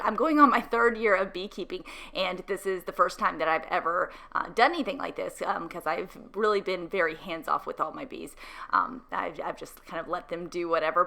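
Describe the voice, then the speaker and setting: A woman talks casually to camera, rambling and hesitant, full of ums and restarts. Her voice sits a little low but sounds bright and forceful. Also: vocal fry. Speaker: beekeeping vlogger. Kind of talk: casual video intro.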